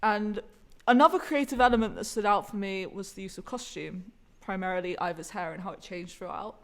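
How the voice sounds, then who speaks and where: A woman's voice: mid-range voice, brisk. Earnest woman giving a thoughtful review. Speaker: podcast co-host reviewing a musical. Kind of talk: casual review chat.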